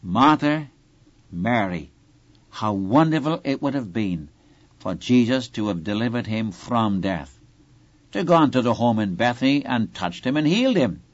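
A man's voice: mid-range voice, animated, a little slow, no room sound, dull audio. A man preaching an expository sermon, reading scripture aloud and speaking earnestly and directly to his listeners. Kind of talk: Bible-teaching sermon.

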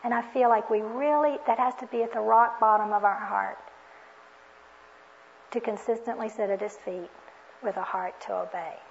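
A woman's voice: on the high side, steady tone, moderate pace, vocal fry, pauses often, a little hiss or hum. A woman preacher giving a sermon in an earnest, reflective, questioning way. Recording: dull lo-fi recording.

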